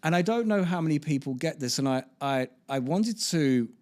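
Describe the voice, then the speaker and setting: A man's voice: a little high, animated, moderate pace, a little mellow. A man hosting a podcast, chatting casually with his guest and jumping in with short agreeing remarks. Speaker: podcast host. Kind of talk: casual interview chat.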